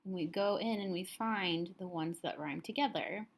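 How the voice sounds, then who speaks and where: Woman teacher, somewhat low pitch, patient step-by-step explaining, tired, recorded lesson. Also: normal speed, vocal fry.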